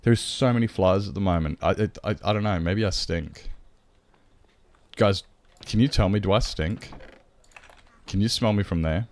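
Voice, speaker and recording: A man's voice: low-pitched, normal speed, long pauses, darkish tone. An Australian man streaming a game, chatting casually and answering his chat in a rambling way.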